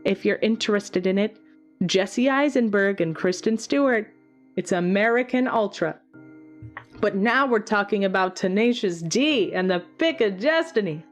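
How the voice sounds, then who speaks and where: A woman who is a singer, chatting casually in a Q&A video, retelling things with animated energy and plenty of swearing. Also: mid-range voice, a little slow, soft background music. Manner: animated, swears freely, many fillers. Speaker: singer and channel host. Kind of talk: casual Q&A storytelling.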